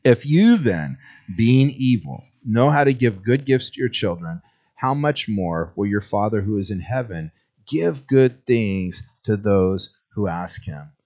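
A man's voice: lowish voice, expressive, measured pace, a little mellow. A man pastor preaching a casual, jokey sermon in church, acting out little scenes and then turning earnest to lead prayer. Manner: jokey storytelling, acts out voices. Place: church sanctuary.

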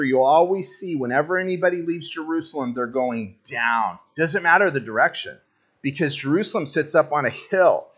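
In a conversational sermon, a male pastor with a medium-pitched voice reads scripture aloud. He then acts out his own impatience with lively, animated energy.

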